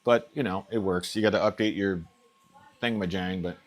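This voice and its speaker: A man's voice: low-pitched, steady tone, fairly quick. A man hosting a casual live unboxing stream at home, thinking aloud and trailing off as he reads through settings. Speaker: RC hobby channel host.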